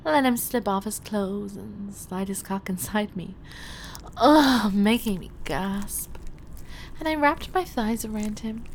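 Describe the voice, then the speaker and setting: A woman's voice: mid-range voice, measured pace, slight background noise. A woman playing a seductive detainee who teases and commands an officer in erotic role-play narration. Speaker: erotic audio performer.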